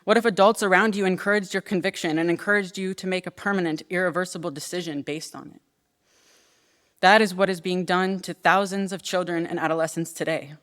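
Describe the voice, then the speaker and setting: A woman in her twenties giving formal testimony at a hearing, earnest and measured, then answering questions with some hesitation. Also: fairly low pitch, fairly bright tone. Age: 20s. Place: legislative hearing room. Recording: long reverb of a hearing room.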